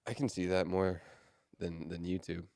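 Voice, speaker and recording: A young man with a low, gravelly voice co-hosting a podcast and rambling through his thoughts in a laid-back way. He leans on "dude" and "like" a lot, and the sound is dry and close. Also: level tone, normal speed, mellow, no room sound. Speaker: podcast co-host. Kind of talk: casual chat.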